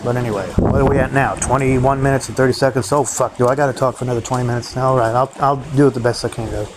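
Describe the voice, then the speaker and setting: A man's voice: medium pitch, steady tone, fast talker, heavy background noise. A man ranting in a bitter, profane solo monologue to his viewers. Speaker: vlogger.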